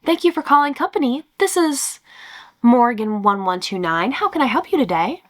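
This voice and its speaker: A woman voicing an extra-perky young female call-center rep who answers with bright, chirpy, scripted politeness. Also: a little high, big pitch swings, normal speed, voice pushed up.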